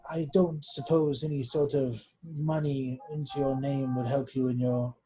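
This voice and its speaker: A man playing his character in a tabletop game, earnest and formal, often halting. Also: mid-range voice, level tone, dark tone, slightly rough, soft background music, poor audio. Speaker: player. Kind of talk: in-character tabletop role-play.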